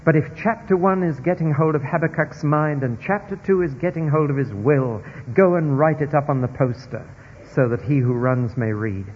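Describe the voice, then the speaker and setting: A man preaching a sermon, expressive, moving between hushed stretches and emphatic ones, in a dull recording with long hall reverb from a church or large hall. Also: on the high side, moderate pace, a little hiss or hum.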